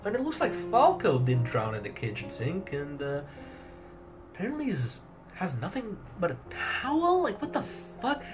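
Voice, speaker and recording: A man's voice: fairly high pitch, wildly swooping pitch, normal speed, music in the background. A young man giving a rambling casual review of a manga chapter, swearing heavily and laughing often. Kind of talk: casual commentary.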